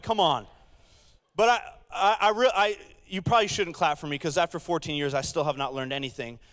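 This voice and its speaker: A man's voice: fairly high pitch, a bit bright, smooth, in a large hall. A man in his thirties giving a humorous sermon, telling self-deprecating stories with playful asides to the congregation.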